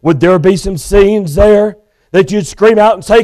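High-voiced male Baptist preacher; fervent, urgent sermon in a church. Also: measured pace, a little mellow. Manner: fervent, urgent, pleading with listeners. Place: church sanctuary.

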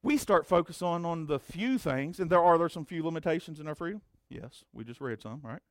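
A man preaching a sermon as pastor, swinging between loud emphatic declarations and low conversational asides. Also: animated, a little fast, no room sound, studio quality.

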